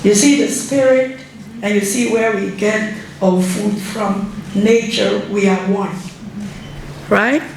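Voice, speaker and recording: A middle-aged woman from Suriname, giving an unhurried, conversational guest lecture as an ambassador and often checking in with her audience. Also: medium pitch, fairly even intonation, darkish tone, slight background noise. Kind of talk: public lecture. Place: large university lecture hall. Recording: very echoey hall, faint room ambience.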